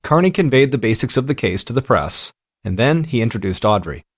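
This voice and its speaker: An American man in his thirties calmly narrating a true-crime story as podcast host, in a measured way. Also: medium pitch, dry recording, studio quality.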